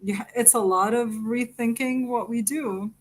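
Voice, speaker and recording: A woman speaking as a panelist in a live webinar discussion over a video call. She talks in an animated way and laughs often as she tells stories. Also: a little high, a little slow, low-quality recording. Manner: animated, laughs often while telling anecdotes.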